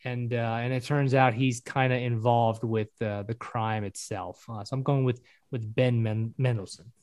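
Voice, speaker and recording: A man's voice: mid-range voice, steady tone, normal speed, a little mellow, no echo. A man from the American South chatting casually on a podcast, rambling and correcting himself as he speculates.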